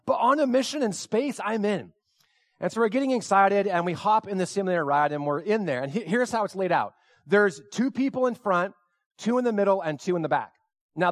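Very high-voiced man telling an animated story. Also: dry recording, clean studio sound. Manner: lively, acts out his own excitement, breaks into shouting. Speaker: speaker addressing an audience.

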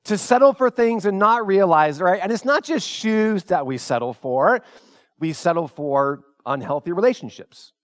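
High-voiced casual storytelling pastor. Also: male voice. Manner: conversational storytelling with rhetorical questions. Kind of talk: sermon.

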